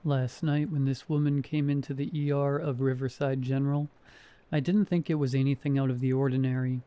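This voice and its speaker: A man narrating first-person horror stories in a steady, measured scripted reading. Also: medium pitch, clear, resonant tone.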